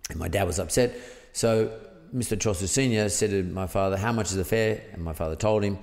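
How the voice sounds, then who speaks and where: A man's voice: fairly low pitch, a little fast, a little mellow, long reverb tail. An Australian man, a podcast guest, telling a story in a rambling, casual way full of fillers. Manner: rambling, peppered with "blah, blah, blah" and fillers.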